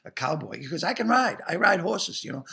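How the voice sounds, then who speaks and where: An older man with a Boston accent telling stories in an interview, animated and profane, acting out voices. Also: high voice, fairly quick, vocal fry. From Boston area. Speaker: guest comedian. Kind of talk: storytelling interview chat.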